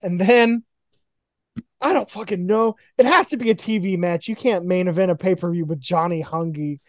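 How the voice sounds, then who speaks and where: A man's voice: high voice, moderate pace, no echo. A man hosting a podcast, riffing casually over a video call with profanity and mock quotes. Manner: profane, rambling, animated storytelling with mock quotes. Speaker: podcast host. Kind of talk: casual fantasy booking chat.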